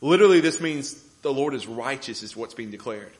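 A man's voice: medium pitch, animated, a little fast, poor audio. A man preaching a sermon to a congregation, building emphasis with rhetorical questions. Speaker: pastor. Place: church room with congregation.

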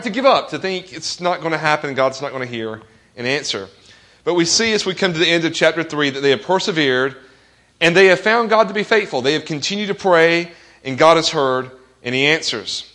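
A man's voice: on the high side, sharp tone. A man preaching a sermon as pastor, earnest, asking the congregation questions and quoting scripture with rising emphasis.

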